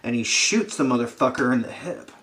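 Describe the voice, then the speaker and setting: A man's voice: medium pitch, a little fast, a bit bright. A man giving a sarcastic, profane comedic rant about a film, acting out characters' lines as he goes. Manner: sarcastic, swears a lot, acts out characters' lines.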